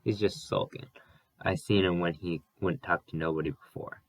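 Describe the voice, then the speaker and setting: A man's voice: sits low, fairly even intonation, moderate pace. A man reading aloud and voicing a fierce, nagging old grandmother who orders others about and cries out. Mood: scolding. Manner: nagging and bossy, cries out loudly.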